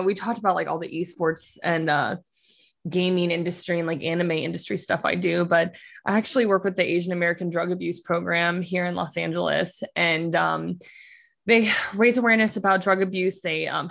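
A woman's voice: lowish voice, fairly even intonation, brisk, vocal fry, a bit bright. A young adult woman speaking openly as an interview guest, casual and emotional, saying "like" and "you know" often. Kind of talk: candid interview conversation. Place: in Los Angeles.

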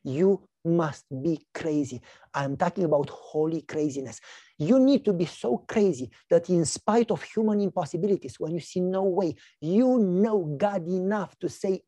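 A man preaching a sermon, telling stories with lively acted-out dialogue. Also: high-pitched, normal speed, no echo. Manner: animated storytelling, acts out dialogue. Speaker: pastor.

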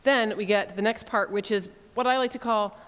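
A woman's voice: mid-range voice, normal speed, a bit bright, smooth, in a large hall. A woman preacher teaching an informal sermon, chatty and humorous, with laughing asides. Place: church.

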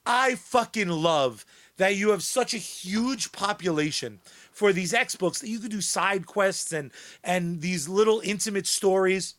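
A man's voice: high voice, measured pace, fairly bright tone. A man co-hosting a comics podcast, sardonic and profane, laughing often in casual chat. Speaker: podcast co-host.

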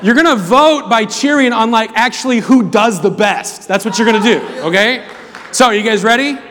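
High-voiced playful man in a big hall. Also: normal speed, a bit bright. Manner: playful, jokey, calls out to the crowd. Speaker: chapel speaker. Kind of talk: lively sermon intro with audience game. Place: large hall with student audience. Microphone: handheld mic. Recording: reverberant hall, crowd and noise.

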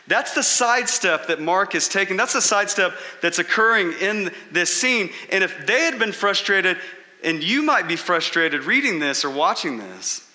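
A male pastor preaching a sermon in a lively, conversational way, dropping his voice low to stress key points. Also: big-room sound.

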